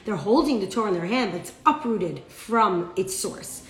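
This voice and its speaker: A woman's voice: mid-range voice, lively intonation, normal speed, echoey room, low-quality recording. A woman teaching a live-streamed class, telling a story with animation and acting out the characters' lines. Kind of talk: live-streamed class, reading viewer comments.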